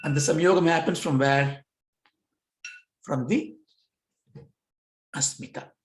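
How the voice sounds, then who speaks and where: A man's voice: a little high, takes it slowly. A man teaching yoga philosophy, acting out questions and answers with himself. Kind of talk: lecture on scripture. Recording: roomy echo.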